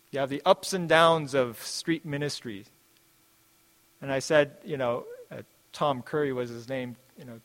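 Preacher, male, fairly high voice, earnest and repetitive delivery, long hall reverb. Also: fairly bright tone. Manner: earnest, repeats key phrases, slows down to quote scripture. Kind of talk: sermon.

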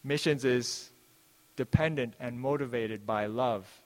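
A man preaching a sermon, earnest, repeating key phrases and slowing down to quote scripture. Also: medium pitch. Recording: long hall reverb.

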